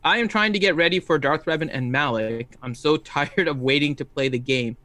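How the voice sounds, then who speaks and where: A man's voice: a little high, fairly quick, bright, forceful tone. A man co-hosting a casual livestream, reading viewer questions aloud and often laughing as he reads. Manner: easygoing, laughs while reading.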